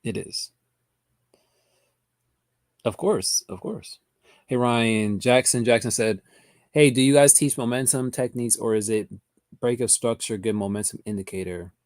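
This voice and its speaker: A man's voice: mid-range voice, measured pace, long pauses, darkish tone, dry recording, studio quality. A man hosting a live trading lesson. He chats casually with viewers and reads their chat comments aloud. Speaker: trading educator hosting a livestream. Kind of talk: casual livestream teaching, answering chat.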